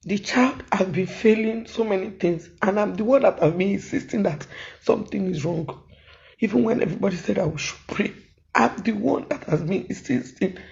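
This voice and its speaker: A Nigerian woman speaks in a tearful, pleading statement, moving between Yoruba and English. Her voice is warm and mellow, at a middling pitch. The recording sounds dull and lo-fi. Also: creaky. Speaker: comedian. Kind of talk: emotional video statement. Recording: dull lo-fi audio.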